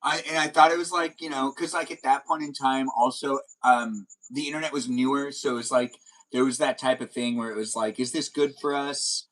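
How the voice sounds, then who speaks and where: A young man hosts a casual live stream in a middle-pitched voice. He rambles through his stories, animated and full of fillers. The talk is loose and chatty. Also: fairly quick, hardly any pauses, poor audio. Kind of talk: casual chat.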